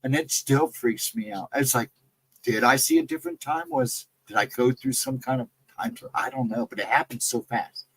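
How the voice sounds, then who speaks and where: A man casually telling a personal encounter story, rambling and jumping sharply higher in pitch when he quotes himself. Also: huge pitch swings, moderate pace, gravelly, husky, no room sound, rough recording. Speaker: guest storyteller.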